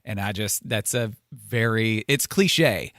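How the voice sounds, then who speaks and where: Guy on a podcast chatting away, acts out little quotes all excited, dry close mic. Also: on the low side, slow pace, dry recording. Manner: animated, acts out quoted lines in a raised voice. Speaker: podcast co-host. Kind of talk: casual chat.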